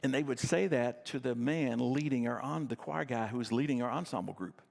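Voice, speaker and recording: A man's voice: medium pitch, a little fast, creaky, darkish tone, in a large hall. A middle-aged man preaching a sermon as pastor, telling stories in a conversational, self-deprecating way.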